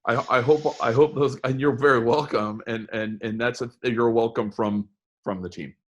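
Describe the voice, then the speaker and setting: A middle-aged man, a game designer being interviewed, telling stories in an animated way and often restarting his words. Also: mid-range voice, normal speed, highs cut off. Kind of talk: storytelling interview talk.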